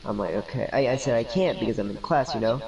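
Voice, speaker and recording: A man's voice: medium pitch, quick pace, creaky, distant mic, highs cut off, a crowd in the background. A young man telling a rambling story over voice chat while gaming, laughing often and acting out the lines of the people in it.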